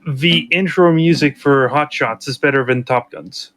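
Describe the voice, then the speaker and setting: A man's voice: medium pitch, a little slow, a bit bright. A young man on a casual podcast with friends over an online call, teasing and arguing with lots of swearing. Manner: teasing, argumentative, profane. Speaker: podcast co-host. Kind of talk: casual banter among friends.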